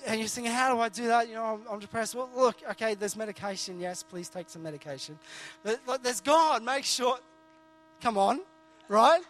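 Male preacher, high tenor, casual sermon, self-deprecating, stop-start phrasing. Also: lively intonation, moderate pace, a bit bright, soft background music. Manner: earnest, jokey, frequent restarts. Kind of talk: conversational sermon.

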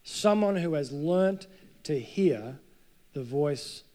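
A man preaching a sermon, earnest, climbing to emphatic peaks and sinking to soft, low passages. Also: lively intonation, takes it slowly.

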